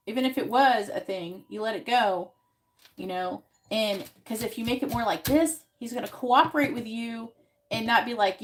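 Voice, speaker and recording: A woman's voice: mid-range voice, slight background noise. A woman giving frank, swear-laden advice as a psychic tarot reader on a live stream, coaching the client on what to say.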